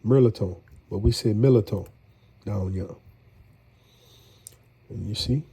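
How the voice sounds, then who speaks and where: A man's voice: on the low side, steady tone, slow pace, gravelly, darkish tone, husky. A middle-aged man, congested, chatting in a rambling, folksy way as he cooks for a vlog. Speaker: home cook. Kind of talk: casual cooking vlog.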